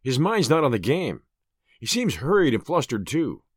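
A man reading an audiobook voices a shrewd veteran pitcher in a plain, matter-of-fact way. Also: big pitch swings, moderate pace, breathy edge, dry recording, clean studio sound. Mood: knowing. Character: shrewd veteran male pitcher, calm judge.

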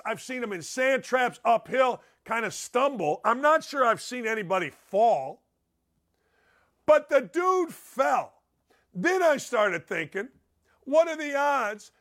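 A middle-aged man hosting a sports radio show, with a strikingly high voice. He tells rambling stories in an excitable way and laughs at his own punchlines. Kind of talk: animated storytelling monologue.

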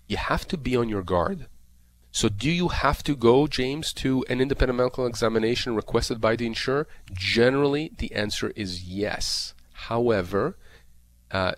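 A man explaining disability insurance claims on a call-in show, emphatic and repetitive, with many fillers. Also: on the low side. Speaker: disability lawyer guest expert. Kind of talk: radio call-in advice.

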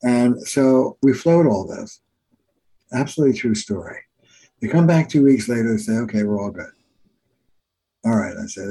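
An older man, a family therapist, shares case stories during a podcast interview, teaching earnestly and emphatically and repeating key phrases. His voice is low-leaning, mellow, and a bit breathy, and the recording quality is low.

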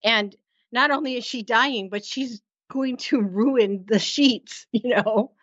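Woman co-host, easygoing and laughy, a bit high, slightly muffled dry audio. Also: slow, fairly bright tone, breathy edge, no room sound. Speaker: podcast co-host. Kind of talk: casual recap chat.

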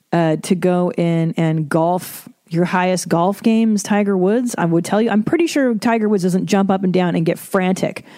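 A woman's voice: medium pitch, dark tone, dry recording. A woman hosting her own podcast in a casual solo monologue, candid and rambling, swearing freely and laughing at her own asides. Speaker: podcast host.

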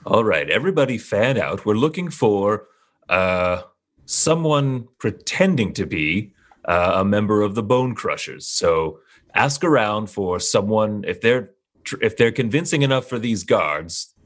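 A bluff tabletop-game general hands out orders with easy command, as a man plays him. His voice sits very deep and steady. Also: measured pace. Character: blustering male general in disguise.

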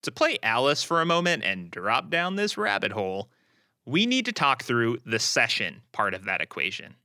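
Lively, bright-voiced male show host. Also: medium pitch, normal speed, no echo, clean studio sound. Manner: lively, playful asides. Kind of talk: scripted explainer.

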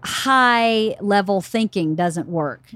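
A middle-aged woman hosting a casual chat, animated and acting out her own scolding, her voice slightly hoarse. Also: medium pitch, slow, no room sound. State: hoarse from shouting. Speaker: podcast host.

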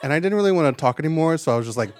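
A man's voice: fairly high pitch, animated, racing, crowd noise, background noise. A man doing a stand-up comedy set on a live stage into a handheld mic, chatty and self-deprecating with lots of asides.

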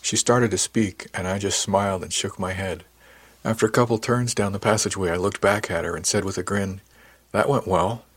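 A man's voice: sits low, fairly even intonation, brisk, a bit bright, husky. A man narrating an audiobook in the first person with an easygoing, chatty storytelling manner.

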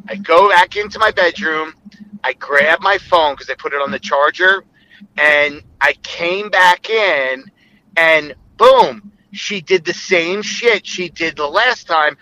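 A man's voice: on the high side, takes it slowly, sharp tone, rough recording. A man, a former co-host calling in, telling a rambling, crude story full of filler words. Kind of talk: casual storytelling.

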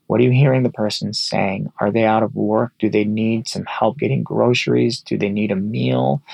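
A pastor in his thirties speaks in an earnest, encouraging teaching tone. His voice is gravelly and slightly husky, sitting at an average pitch, and the recording is dry and close. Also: darkish tone, no echo, poor audio. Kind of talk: ministry teaching talk.

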